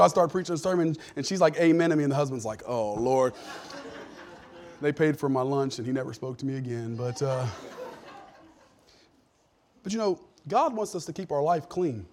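A middle-aged man preaching a sermon, telling a story, then building to loud, emphatic points. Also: medium pitch, normal speed, long pauses, slight background noise. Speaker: pastor.

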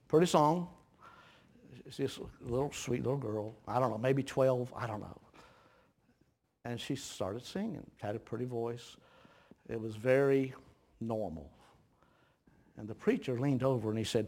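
A middle-aged man preaching a sermon in a folksy storytelling way, dropping to a hush and then rising to a shout. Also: mid-range voice, normal speed, pauses often.

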